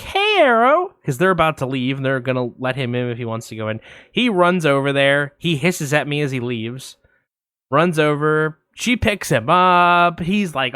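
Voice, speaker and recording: A young man co-hosting a podcast, telling a long story in a casual, animated way, swearing freely and acting out the voices of others. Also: fairly high pitch, clear, resonant tone, dry recording, studio quality. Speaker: podcast co-host.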